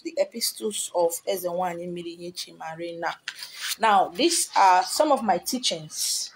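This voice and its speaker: A woman's voice: on the low side, a little hiss or hum. A woman with a Nigerian accent, a spiritual teacher lecturing her viewers in a monologue, emphatic and repetitive, scolding them with rhetorical questions. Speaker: spiritual teacher selling handouts.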